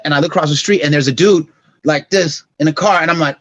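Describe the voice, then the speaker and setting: Here a middle-aged podcast guest chats casually and tells stories, performing scenes with sound effects and turning quiet and thoughtful when things get emotional. His pitch is fairly high, his pace a bit quick, and the recording has no room sound.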